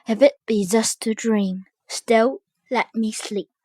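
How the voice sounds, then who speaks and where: A woman's voice: fairly high pitch, steady tone, slow, dark tone, breathy edge, no echo. Woman voicing a bewildered young man. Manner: puzzled.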